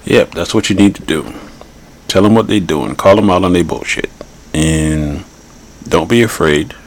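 Male podcast host, very deep voice with a gravelly fry, blunt and rambling. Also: moderate pace. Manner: blunt, rambling, repeats himself. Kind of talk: casual political commentary.

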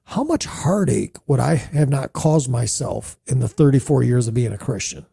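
A middle-aged man hosting a church podcast discussion, animated and playful, firing off rhetorical questions. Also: mid-range voice, normal speed, creaky, breathy edge. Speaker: host.

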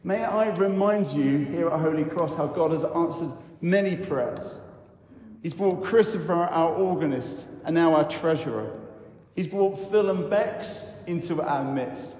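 A man who is a vicar, giving a sermon in a church and telling the story slowly with reflective pauses. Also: a little high, darkish tone. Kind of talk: sermon talk. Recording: echoey church hall.

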